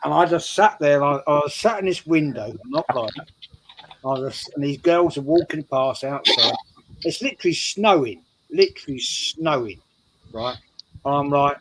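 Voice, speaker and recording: A man's voice: a little high, expressive, normal speed, fairly bright tone, rough recording. A man telling a rambling story in casual chat, repeating his words as he goes. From England. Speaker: show regular. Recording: faint background noise.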